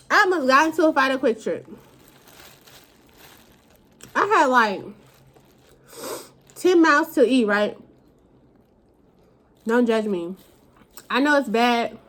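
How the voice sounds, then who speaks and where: A young woman, telling a profane, animated storytime rant to her camera at home. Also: a little high. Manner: animated, profane, dramatic retellings. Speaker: vlogger.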